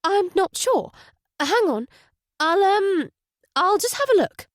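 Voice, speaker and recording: A woman's voice: very high-pitched, very animated, slow pace, no room sound, clean studio sound, pitched above the performer's own voice, heavily acted. A woman voicing a flustered, well-spoken wife in an audiobook, hesitant and stumbling. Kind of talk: audiobook character voice.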